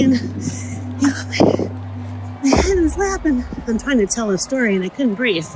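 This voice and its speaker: A woman's voice: sits high, very animated, normal speed, pauses often, music in the background, low-quality recording. A middle-aged woman vlogger walking outdoors and telling a personal story, vivid and breathless. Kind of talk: storytime narration. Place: outdoors on a city street near a cemetery. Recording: street noise with passing traffic.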